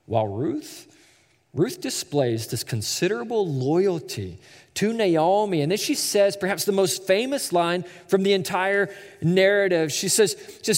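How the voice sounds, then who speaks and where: High-voiced man preaching in an echoey hall. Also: animated, a little slow. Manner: conversational, stammering repeats, storytelling. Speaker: pastor. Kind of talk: sermon.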